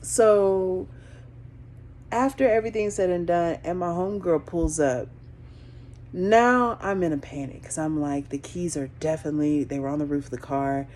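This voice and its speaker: A woman hosting her own show, telling a story in a casual way, lively, with sudden high bursts when she acts out her panic and hushed asides. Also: moderate pace. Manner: animated, jumps into high excited voices when acting out her panic. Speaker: podcast host.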